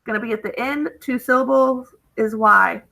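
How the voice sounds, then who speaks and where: Chatty high-voiced teacher woman. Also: moderate pace, vocal fry, sharp tone, poor audio. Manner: chatty, encouraging, repeats "okay?" to check in. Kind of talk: recorded phonics lesson.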